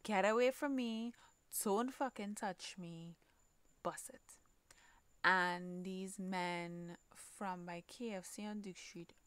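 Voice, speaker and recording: Slow, low-voiced Trinidadian woman storyteller. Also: a bit bright, no room sound. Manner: halting, repeats words, swears, drops to near whisper. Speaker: podcast host. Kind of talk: personal storytelling.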